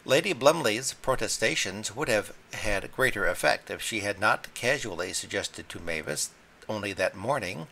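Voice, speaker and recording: Gravelly male storyteller. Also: lowish voice, expressive, moderate pace, pushed and bright. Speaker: audiobook reader. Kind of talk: scripted story narration.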